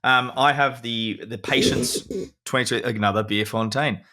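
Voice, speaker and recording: A man's voice: mid-range voice, normal speed, bright, forceful tone. A man, co-hosting a podcast and chatting casually while reviewing a beer with enthusiasm. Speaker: podcast co-host. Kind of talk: casual chat.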